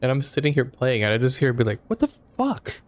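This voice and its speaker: A man's voice: medium pitch, steady tone, very fast. A young man streaming a video game, commenting casually with crude, profane jokes.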